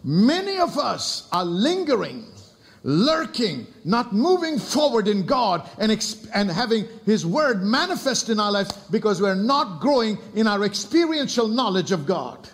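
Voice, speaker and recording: A man's voice: high-pitched, very animated, a little slow. A man preaching a sermon as pastor, emphatic, asking rhetorical questions and calling on the congregation to respond.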